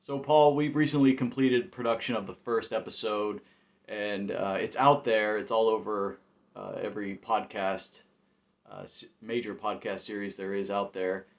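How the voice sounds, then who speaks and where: A man hosting and directing a podcast, interviewing a guest casually with halting, filler-laden questions. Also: on the low side, fairly even intonation.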